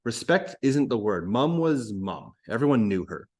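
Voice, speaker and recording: A confident, teasing local woman who tells a strange story as if it were plain fact, read aloud by a man. Her delivery is even and unbothered. It is a plain reading of a play script. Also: medium pitch, a little slow. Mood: matter-of-fact. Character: confident local woman telling a wild tale.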